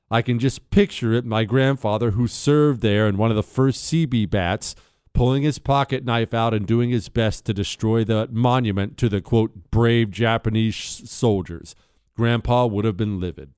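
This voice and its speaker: Animated male talk radio host. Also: on the low side, smooth, no room sound, studio quality. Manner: animated, joking, self-mocking banter.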